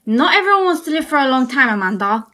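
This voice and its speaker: A woman's voice: high voice, sing-song, fast, bright, forceful tone, exaggerated voice. Synthetic woman voicing a sassy teen girl. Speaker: teen girl lead in short skits. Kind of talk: text-to-speech skit voice.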